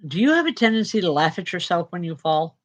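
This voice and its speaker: Tired lady medium doing readings, chatty n slow, keeps restarting. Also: fairly low pitch, sing-song. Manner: chatty, unhurried, with frequent restarts. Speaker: spiritual medium and reverend. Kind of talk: live spirit readings for viewers.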